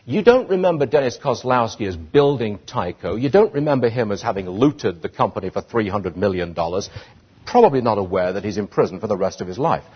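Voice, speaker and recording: A man with a British accent giving an animated public speech to an audience, building to indignant emphasis. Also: fairly low pitch, brisk, breathy edge. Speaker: speaker addressing an audience. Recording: dull lo-fi sound.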